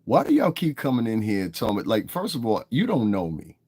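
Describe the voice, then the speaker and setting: This male streamer has a lowish, slightly rough and slightly mellow voice that swings wildly in pitch as he talks a bit fast. He rants at his chat, heated, combative, and swearing freely.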